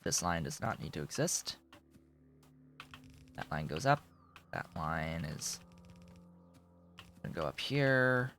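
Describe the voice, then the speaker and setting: A man's voice: low-pitched, sing-song, slow pace, pauses often, a bit bright, soft background music. A man streaming a game, muttering offhand, dry remarks to himself as he builds. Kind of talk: casual gameplay commentary.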